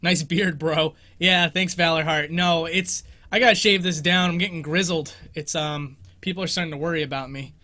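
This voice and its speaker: A young man with a bright, forward voice pitched a little high hosts a relaxed live Q&A from his bedroom. He rambles through guesses, pokes fun at himself, and laughs easily as he answers viewers. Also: normal speed, few pauses. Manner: rambling, self-deprecating, laughs often. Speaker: host of a game exploration show. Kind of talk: casual livestream Q&A commentary.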